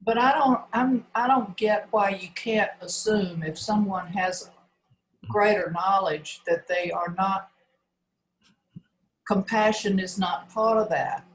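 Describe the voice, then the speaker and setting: A woman's voice: mid-range voice, takes it slowly, slight background noise, poor audio. A woman student pressing a point in class discussion, hesitant, restarting her sentences.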